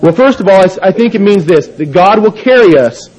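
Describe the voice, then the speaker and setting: Male pastor, higher voice, steady emphatic sermon delivery with scripture readings. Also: brisk, husky, lo-fi sound. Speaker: preacher.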